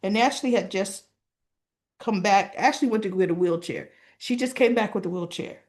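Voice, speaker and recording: A woman's voice: medium pitch, normal speed, darkish tone. A woman talking casually as she recaps a soap opera episode, with frequent asides asking the listener "right?".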